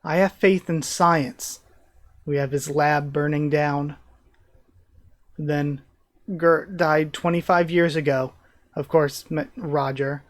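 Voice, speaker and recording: Excitable young man reacting aloud. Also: on the high side, slow, pauses often. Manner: reads panels aloud and comments excitedly. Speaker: reaction channel host. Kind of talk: live manga reaction, reading aloud.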